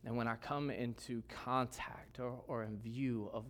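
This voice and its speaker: A middle-aged pastor preaching a sermon in a church, conversational and joking, with asides to the congregation. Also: male voice, medium pitch, steady tone, measured pace, a bit bright.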